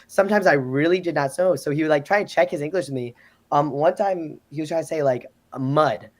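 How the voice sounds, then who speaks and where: A man's voice: fairly high pitch, fairly quick. A man on a live panel talking casually, telling stories and acting out what people said. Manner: animated storytelling, acts out quotes. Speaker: exchange student guest.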